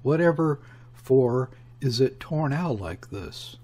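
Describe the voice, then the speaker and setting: A man reading the lines of a guarded, anxious shopkeeper's wife, with calm, quiet replies in his own husky voice. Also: mid-range voice, takes it slowly.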